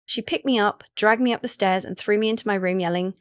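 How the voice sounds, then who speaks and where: Even-voiced woman reading a romance. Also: mid-range voice, fast, clear, resonant tone, no room sound, studio quality. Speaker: narrator. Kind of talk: first-person audiobook narration.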